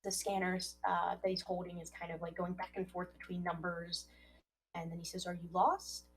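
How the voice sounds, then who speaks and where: A woman co-hosts a podcast and walks through a horror series scene by scene. She speaks in a somewhat low voice and lifts into animated quotes of the characters. A faint hum sits in the background. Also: normal speed, poor audio. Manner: animated, acts out quoted lines. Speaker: podcast co-host. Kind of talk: casual recap discussion.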